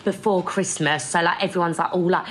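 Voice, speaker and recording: A woman's voice: fairly low pitch, fairly even intonation, brisk, rough recording. Teasing young woman, faint noise. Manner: teasing, enthusiastic. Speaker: podcast co-host. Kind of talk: casual chat.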